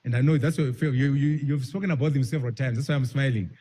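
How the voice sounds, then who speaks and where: A man's voice: medium pitch, steady tone, fast, warm tone, breathy edge. A man giving an emphatic public speech, repeating key phrases and putting rhetorical questions to his audience. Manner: repeats key phrases, stretches words for stress. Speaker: speaker at a public forum.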